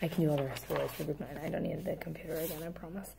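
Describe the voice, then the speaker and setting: A woman's voice: sits low, fairly even intonation, vocal fry, warm tone. Teacher woman dictating spelling words. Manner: says each word slowly, repeats it, adds brief asides; apologetic self-corrections.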